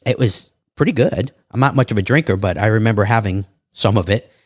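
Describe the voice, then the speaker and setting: A man telling stories as a podcast guest in an animated, casual way, acting out other people's lines. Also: on the low side, brisk, dry recording. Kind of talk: casual interview storytelling.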